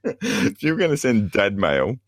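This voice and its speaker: A man's voice: mid-range voice, huge pitch swings, moderate pace, no room sound, clean studio sound. A man co-hosting a podcast in casual chat, teasing and laughing often. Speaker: podcast co-host.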